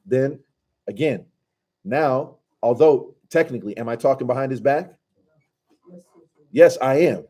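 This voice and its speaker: Male teacher, mid-pitched and relaxed, leading an informal commentary class. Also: measured pace, long pauses. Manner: casual, asks the class questions, drops into Arabic recitation. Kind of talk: conversational Quran commentary class.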